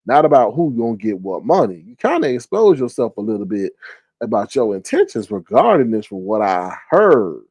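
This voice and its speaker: Animated man with sassy high squeals. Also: moderate pace, husky, dry recording. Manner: animated, jumps to high squeals when quoting people; drawling, sassy asides. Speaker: livestream commentator. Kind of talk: casual gossip commentary reading chat.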